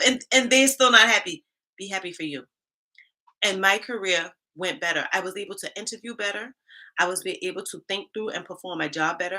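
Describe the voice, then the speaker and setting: Sassy, bright-voiced Southern woman host. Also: mid-range voice. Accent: Southern US Black vernacular, Charleston Geechee. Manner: animated, sassy, talks back to chat comments. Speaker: livestream host, HR coach. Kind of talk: casual livestream chat with viewers.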